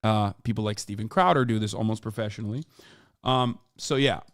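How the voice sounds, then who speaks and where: A man in his thirties talks straight into the mic on a live stream, his voice smooth and resonant with a dry, close sound. He rants, swears freely and leans hard on his points between "uh"s and "like"s. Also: fairly low pitch, fairly quick, no echo. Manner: profane, emphatic ranting with many fillers. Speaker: streamer reacting to a clip. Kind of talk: casual live-stream commentary.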